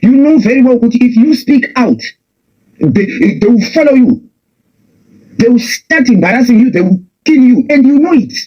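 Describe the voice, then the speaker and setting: A man's voice: very high-pitched, expressive, normal speed, breathy edge. A young Zimbabwean man with a Zimbabwean accent, delivering a confrontational, repetitive political rant with many restarts. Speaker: political commentator. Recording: dull lo-fi recording.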